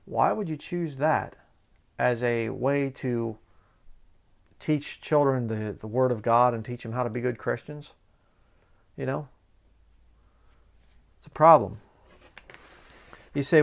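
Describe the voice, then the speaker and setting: A man's voice: medium pitch, a little slow, creaky, long pauses. A man, a pastor, giving a sarcastic, conversational commentary like a sermon and reading passages aloud.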